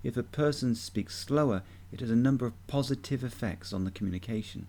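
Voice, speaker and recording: A man giving a measured, deliberate instructional talk as a voice coach. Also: mid-range voice, a little mellow.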